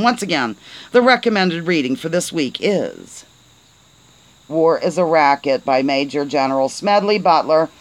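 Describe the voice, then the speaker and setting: A woman's voice: low voice, poor audio. A woman hosting a casual live stream, chatty and playful, often stumbling over words and asking her viewers to help. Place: on a porch, outdoors.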